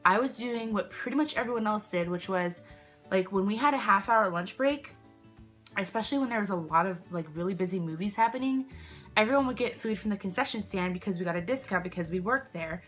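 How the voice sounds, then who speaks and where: A young woman chats to her own camera at home, telling a workplace story in a loose, rambling way. She sidetracks often and pads her sentences with fillers. Her pitch sits in the middle of the female range. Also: fairly quick, fairly bright tone, soft background music. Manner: rambling, chatty, many "like" fillers, self-interrupting. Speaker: vlogger. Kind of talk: casual storytime chat. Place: indoors at home, candles nearby. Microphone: camera she films herself with.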